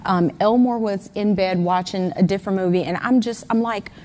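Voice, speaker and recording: A woman's voice: medium pitch, brisk, darkish tone, big-room sound, slight background noise. A mother recounting step by step, with exact times, what happened the day her son went missing. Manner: detailed, step-by-step retelling with times. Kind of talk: recounting events in an interview.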